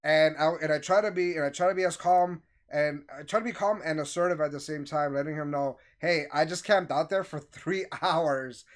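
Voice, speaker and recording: Animated man telling a story. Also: a little high, normal speed, hardly any pauses. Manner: animated, acts out quoted voices. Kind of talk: casual storytelling.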